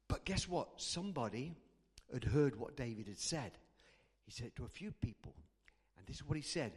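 A man's voice: sits high, normal speed. A man preaching a sermon, telling a story and acting out the characters' lines. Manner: animated, acts out characters' lines. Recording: long hall reverb.

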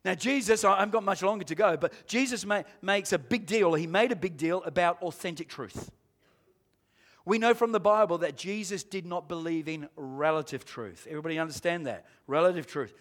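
A pastor preaches to his congregation in a fairly high, fairly quick voice, growing emphatic until he's shouting. He calls out for amens and puts questions to the room.

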